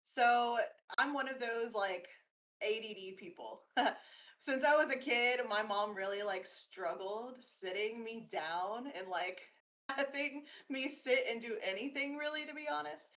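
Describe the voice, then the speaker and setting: A woman's voice: on the high side, measured pace, fairly bright tone. A woman artist being interviewed, chatting in a bubbly way with frequent laughter. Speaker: guest artist. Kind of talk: casual interview chat.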